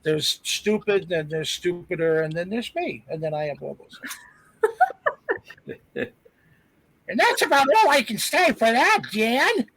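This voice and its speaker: Man, panel guest, rambling, self-deprecating, higher pitch, dry recording. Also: very animated, unhurried, pauses often, fairly bright tone, no room sound. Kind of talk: casual panel chat.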